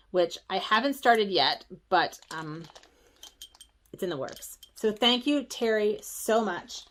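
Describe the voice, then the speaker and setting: A woman from the Philadelphia area talks through her stitching vlog at home in an easygoing, chatty way. She is excitable and rambles into quick asides, and her voice sits at an everyday middle pitch. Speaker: stitching vlogger.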